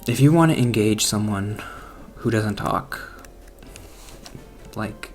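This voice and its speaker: A man's voice: lowish voice, slow, faint music behind. Awkward, self-mocking gaming vlogger man. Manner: awkward, self-deprecating, laughs at himself. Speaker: gaming channel host. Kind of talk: rambling casual commentary over gameplay.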